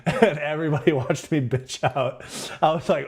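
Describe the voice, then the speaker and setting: A man's voice: fairly high pitch, fairly even intonation, moderate pace, slightly rough. Profane young man telling stories. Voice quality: profane, slangy, rambling. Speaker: livestream host. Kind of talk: casual storytelling.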